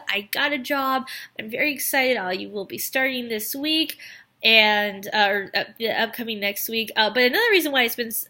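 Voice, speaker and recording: A woman's voice: a little high, sharp tone. A young woman vlogging, telling a story in a chatty, rambling way full of filler words. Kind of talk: casual storytelling to camera.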